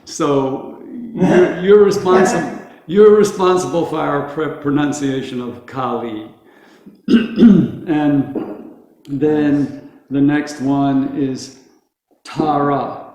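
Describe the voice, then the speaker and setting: A man teaching a group how to pronounce words, slowly and patiently, repeating each word for them to echo back. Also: a little high, warm tone. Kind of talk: teaching Sanskrit pronunciation to a group. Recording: very echoey room.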